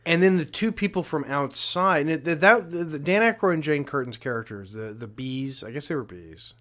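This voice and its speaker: A man co-hosting a podcast who talks through his ideas about a film in a halting way, with frequent restarts. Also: on the high side, lively intonation, fairly bright tone. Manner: halting, restarts often while building an argument. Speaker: podcast co-host. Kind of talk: casual film-discussion chat.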